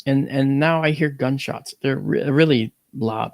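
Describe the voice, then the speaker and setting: Gravelly man telling a dramatic story. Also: moderate pace, dry recording. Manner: animated, swings up in pitch for exclamations; blunt, mild cursing. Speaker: guest.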